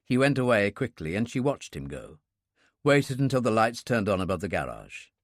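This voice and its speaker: A man narrating a thriller audiobook in a steady, expressive reading. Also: fairly low pitch, moderate pace, no echo, studio quality. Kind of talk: scripted narration.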